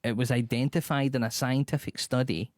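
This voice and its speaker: A man with a Scottish accent co-hosting a comedy chat, delivering prepared film trivia in a brisk, jokey way. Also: mid-range voice, fairly even intonation, darkish tone, no room sound, clean studio sound. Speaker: co-host.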